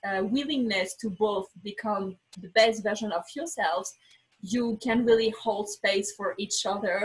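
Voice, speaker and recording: A woman guest on a podcast, telling a candid personal story with animated, acted-out bits of dialogue; English is not her first language. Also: mid-range voice, breathy edge, low-quality recording. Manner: animated, acts out quoted dialogue, frequent restarts.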